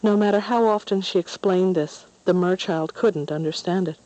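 A woman narrating a storybook in a gentle, measured way. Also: fairly low pitch, low-quality recording. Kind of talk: storybook reading.

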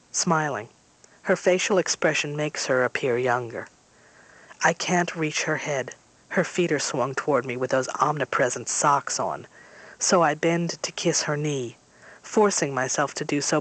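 A woman reading a first-person story aloud, softly and slowly, at times dropping to a whisper. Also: deep voice, no echo, low-quality recording. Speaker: reader.

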